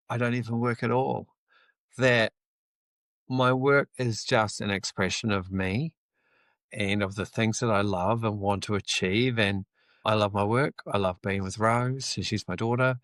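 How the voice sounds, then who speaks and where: With no room sound behind him, a middle-aged man from New Zealand speaks in a slightly bright, mid-range voice and a New Zealand accent. On his live stream he gives an earnest, reflective motivational talk, swearing casually now and then.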